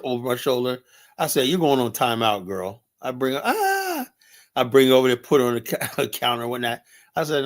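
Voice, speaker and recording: A man hosting a streaming show, telling stories in a casual, profane way, laughing often and quoting other people's voices. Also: mid-range voice. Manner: laughing, profane, animated retelling with quoted voices. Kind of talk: casual storytelling monologue. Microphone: streaming setup mic.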